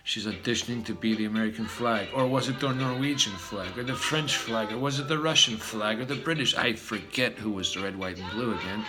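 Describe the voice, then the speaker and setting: A man rambles in a profane, free-associating rant at a mid pitch, sometimes dropping to a mutter. Music plays clearly behind him. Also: a little fast, few pauses. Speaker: vlogger. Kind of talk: rambling conspiracy monologue.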